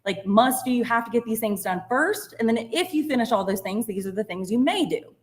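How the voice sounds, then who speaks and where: A woman, a special education teacher giving a casual workshop talk in a chatty, self-deprecating way with quick muttered asides. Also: a little high, animated. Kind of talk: informal presentation.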